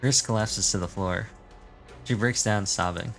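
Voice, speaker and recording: A man's voice: lowish voice, unhurried, gravelly, music in the background. A man streaming his reaction to a game, musing casually and reading the story text aloud.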